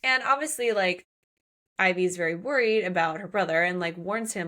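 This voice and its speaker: A woman co-hosting a podcast, recapping a book in casual chat, animated and swearing, acting out the characters' lines. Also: lowish voice, moderate pace. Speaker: podcast co-host.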